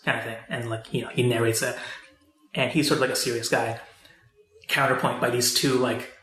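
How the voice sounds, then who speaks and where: Bright-voiced rambling man in echoey room. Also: mid-range voice, flat delivery, a little fast. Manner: rambling, many fillers and restarts. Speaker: podcast co-host. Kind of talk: casual chat about movies.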